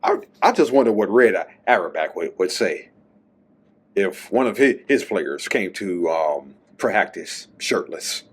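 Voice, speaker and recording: A man hosts his own show in a very low voice, speaking slowly and casually. He rambles through a solo monologue. He keeps checking in with a questioning "okay?". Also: big pitch swings, breathy edge. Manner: chatty, tags lines with "okay?". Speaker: podcast host.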